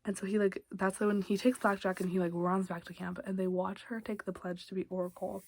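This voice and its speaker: A woman's voice: medium pitch, flat delivery, fast talker, few pauses, darkish tone. A young woman giving a rambling, casual book recap to camera, full of fillers and gushing asides. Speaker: book vlogger.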